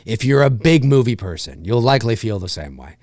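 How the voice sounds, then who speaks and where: A man in his forties hosting a live show, ranting casually and with exasperation, mimicking the shouts of others. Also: fairly low pitch, very animated, fairly quick, dry recording, studio quality. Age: 40s. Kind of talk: casual live-stream rant.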